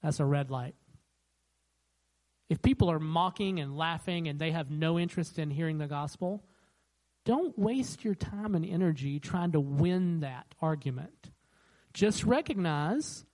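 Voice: medium pitch, measured pace, low-quality recording. A pastor preaching a sermon in a conversational way, acting out the voices of the people in the stories. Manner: animated, acts out the voices of the people it quotes; conversational, with frequent restarts.

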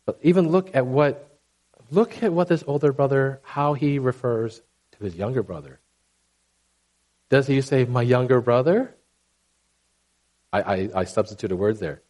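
Animated man preaching conversationally. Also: medium pitch, moderate pace, pauses often. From Asian background. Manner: conversational, animated, checks in with "right?" and "okay?". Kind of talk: sermon.

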